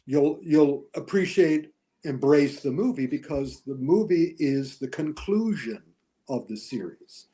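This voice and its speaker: An older man, a guest critic, explaining movies in a measured casual chat. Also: fairly high pitch, animated, mellow.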